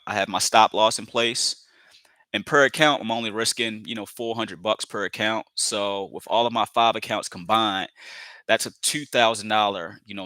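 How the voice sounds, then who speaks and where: Calm man calling out trades, bright and dry. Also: on the low side, no echo. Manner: repeats phrases, fills with "you know", calls viewers family; calm, talks himself into patience. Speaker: day trader streaming live trades. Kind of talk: live trading commentary.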